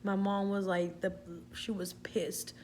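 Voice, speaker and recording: A woman's voice: medium pitch, flat delivery, slow, a little mellow. Young woman vlogger, casual storyteller, salty and rambling, everyday mid-range voice, light background hum. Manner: chatty, swears freely, fills with "like".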